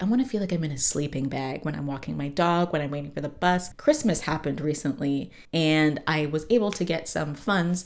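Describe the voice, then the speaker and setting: A woman podcast host giving a casual episode recap and chat, swearing freely with lots of fillers. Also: deep voice.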